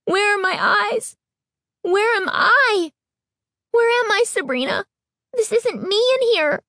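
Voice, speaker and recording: A woman's voice: extremely high pitch, expressive, slow pace, pushed and bright, dry recording, studio quality, voice pushed up, full character voice. A woman reading an audiobook, voicing a terrified young girl who screams and wails in panic. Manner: screaming, wailing, frantic.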